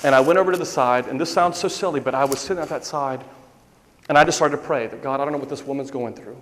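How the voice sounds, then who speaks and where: A middle-aged priest giving a sermon, telling a story in a conversational way and repeating lines for emphasis. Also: male voice, mid-range voice, fast talker. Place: church sanctuary. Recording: reverberant church hall.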